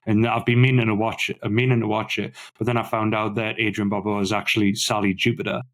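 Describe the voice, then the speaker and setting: Brief: male podcast co-host, lowish voice, keen and chatty, stumbles over repeated words. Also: fast talker. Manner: enthusiastic, repeats words when excited. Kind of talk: casual film-review chat.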